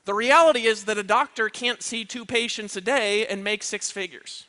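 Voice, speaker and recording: With a sharp, high-sitting voice at normal speed, a man delivers a live motivational seminar from an event stage. His emphatic style includes frequent check-ins like "right?" and "you know what I mean?".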